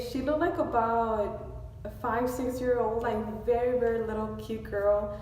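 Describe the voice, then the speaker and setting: A woman's voice: a little high, unhurried, darkish tone, a little hiss or hum. Gushing woman vlogging from work. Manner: emotional, gushing, many fillers. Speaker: beauty vlogger. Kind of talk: casual vlog update. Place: at her workplace in a store. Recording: echoey, distant, faint store ambience.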